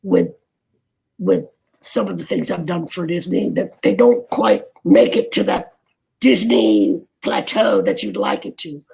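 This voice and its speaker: An older man, an actor guest, chatting in an interview over a video call with a gravelly voice, rambling and restarting his sentences. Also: sits high, animated, a little mellow, rough recording. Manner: rambling, halting, many restarts. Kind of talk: casual interview chat.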